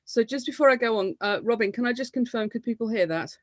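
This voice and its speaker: A woman from the United Kingdom giving an academic lecture, explaining things in a lively way. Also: fairly high pitch, fast talker, no room sound.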